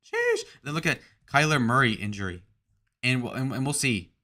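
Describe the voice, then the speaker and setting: This is a young man hosting a casual livestream, talking off the cuff to his chat. His voice is bright and edged, and he rambles crudely, tossing out jokes and jabs as he reads their comments aloud. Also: mid-range voice, animated, a little fast. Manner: crude, joking, rambling while reading out chat. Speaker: livestream host.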